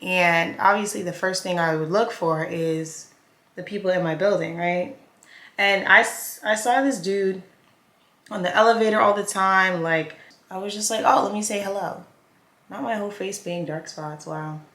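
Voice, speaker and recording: A young woman telling a storytime while doing her makeup, chatty and animated, acting out the quotes. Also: fairly low pitch, normal speed. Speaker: vlogger. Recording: echoey room.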